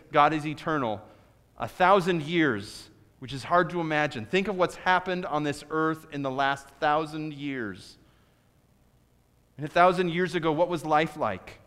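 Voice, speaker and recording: A man preaching a conversational sermon with dramatic pauses and big swings from loud to hushed. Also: on the high side, expressive. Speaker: pastor. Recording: long hall reverb.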